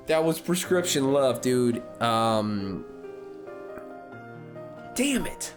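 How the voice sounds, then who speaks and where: A young man hosting a let's-play, reading a visual novel aloud and chatting excitably with lots of swearing and laughter. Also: mid-range voice, very slow, pauses often, over music. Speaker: gaming channel host.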